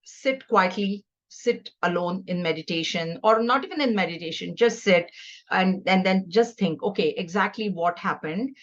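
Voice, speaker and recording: A woman's voice: mid-range voice, moderate pace, muffled recording. A middle-aged woman giving a scripture class, teaching earnestly and conversationally with stories. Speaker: spiritual teacher.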